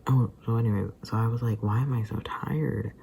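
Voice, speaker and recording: A man's voice: medium pitch, steady tone, fairly quick, gravelly, mellow, a little hiss or hum. A tired, sleepy man rambling casually to the camera, sometimes drifting into muttered whispers. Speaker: vlogger.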